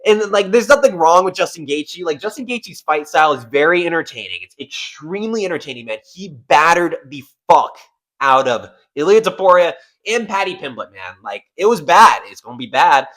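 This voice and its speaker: A man's voice: on the high side, big pitch swings, normal speed, a bit bright, low-quality recording. A man giving casual commentary as an MMA YouTuber, rambling and swearing a lot.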